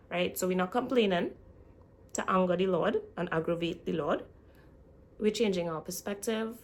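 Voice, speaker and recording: A woman's voice: fairly low pitch, vocal fry. A young woman vlogging in a casual, chatty way, speaking straight to her viewers. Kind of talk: casual chat.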